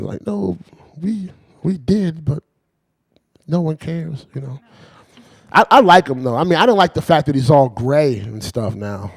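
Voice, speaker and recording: Animated, chuckling stand-up comic man. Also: a little high, a little slow, vocal fry, long pauses, husky, no room sound. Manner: rambling, chuckles between lines, keeps saying "you know what I mean". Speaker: stand-up comedian. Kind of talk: stand-up routine.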